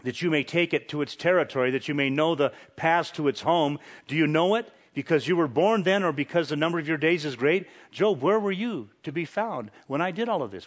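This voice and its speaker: A man preaching a sermon, reading scripture dramatically and pressing rhetorical questions with chuckles. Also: on the high side. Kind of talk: sermon, Bible exposition.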